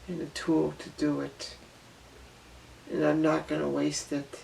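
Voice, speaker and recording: A man with a gravelly, fairly high voice speaks in an earnest, emotional personal monologue, circling back and repeating his words. He sits a little away from the mic, so his voice sounds distant. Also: flat delivery, unhurried, long pauses, mellow, a little hiss or hum. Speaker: vlogger.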